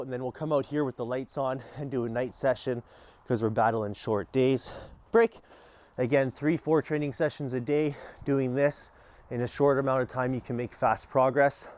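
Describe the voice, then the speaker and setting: A dog trainer, a man, explaining his methods in a relaxed way and breaking off into short, energetic commands and praise for the dog. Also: mid-range voice, no room sound. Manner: explains calmly, then barks short upbeat commands to the dog. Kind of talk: hands-on training demonstration. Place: outdoors in a yard, training a dog.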